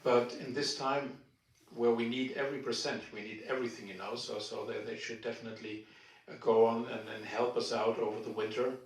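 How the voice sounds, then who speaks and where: A man's voice: medium pitch, level tone, fairly quick. Older man, distant echoey room. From Germany. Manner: conversational, many restarts and repeated words. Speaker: retired ambassador, guest speaker. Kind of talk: Q&A answers at a public talk.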